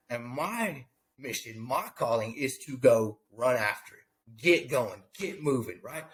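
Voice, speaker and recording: A man's voice: mid-range voice, expressive, measured pace. A man speaking as a podcast guest, giving a fervent, preachy motivational talk about faith and purpose, often repeating his words. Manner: impassioned, preachy, repeats himself.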